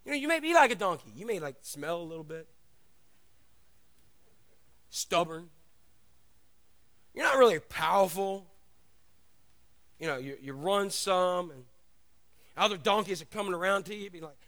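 A middle-aged man preaching a sermon, telling stories in an animated, casual way. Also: sits high, normal speed, pauses often. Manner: animated storytelling, casual asides. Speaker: pastor.

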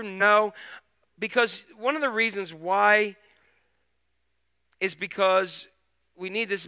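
Bright-voiced male pastor preaching. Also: high voice, smooth. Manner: conversational, storytelling, full of restarts. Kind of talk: sermon.

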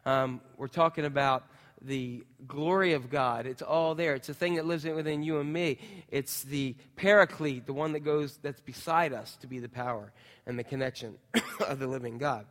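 Man pastor, mid-pitched, chatty and jokey sermon, long hall reverb. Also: fairly even intonation, normal speed, fairly bright tone. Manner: chatty, jokey, with many fillers and asides to the crowd. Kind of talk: casual sermon to a congregation. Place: church hall.

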